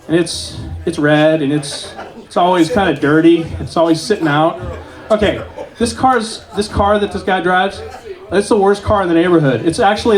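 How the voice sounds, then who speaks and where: Man in his forties doing stand-up. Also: fairly high pitch. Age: 40s. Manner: deadpan storytelling with self-aware asides. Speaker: stand-up comedian. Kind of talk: open mic stand-up set. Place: small club stage with live audience.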